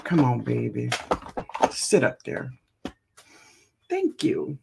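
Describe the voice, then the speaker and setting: A woman hosts a casual gardening live stream. She talks slowly with a gravelly, husky edge and a voice that rises and falls a lot, greeting viewers one by one. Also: rumbling low, huge pitch swings, heavy background noise. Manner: greets chat viewers by name, chatty and laughing.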